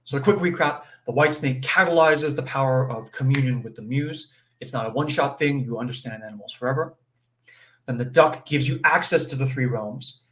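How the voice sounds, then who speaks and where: Man, spiritual teacher, informal talk with plenty of fillers and quick check-ins. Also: medium pitch, fairly bright tone. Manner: conversational, full of fillers and "right?" check-ins; acts out brief quoted voices with chuckles. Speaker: spiritual teacher leading a session.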